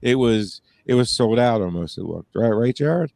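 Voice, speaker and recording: A man's voice: medium pitch, animated, normal speed, vocal fry, a little mellow. A man co-hosting a podcast in casual chat, telling stories in a rambling way with many fillers and restarts. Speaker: podcast co-host.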